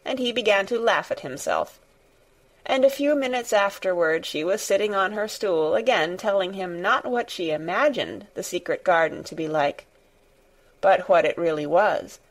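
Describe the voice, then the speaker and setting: A female audiobook narrator reads a classic children's novel aloud in scripted narration, using a calm, measured storytelling style and a mid-range voice.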